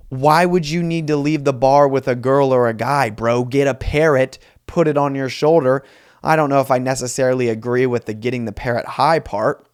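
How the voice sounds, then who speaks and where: A man's voice: mid-range voice, darkish tone, no echo, studio quality. A man in his twenties hosting a solo comedy podcast, telling a rambling, self-mocking story with lots of asides. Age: 20s. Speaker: podcast host.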